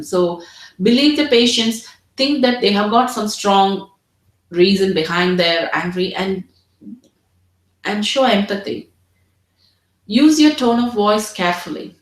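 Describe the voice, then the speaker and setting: A woman tutoring doctors in an earnest teaching presentation, often repeating her words as she models empathetic phrases. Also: medium pitch. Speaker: medical exam tutor. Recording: roomy echo.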